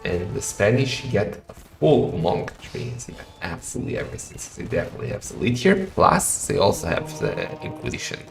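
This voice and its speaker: A man casting a live strategy game match in a chatty style that rises to excited shouting in fights. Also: fairly low pitch, fairly quick, vocal fry, hardly any pauses. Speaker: game caster. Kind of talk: live esports commentary. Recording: roomy echo with faint music.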